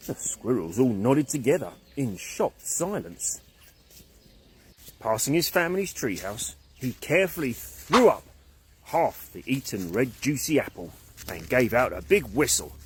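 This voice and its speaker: Animated man reading a children's story. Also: medium pitch, measured pace, a little hiss or hum.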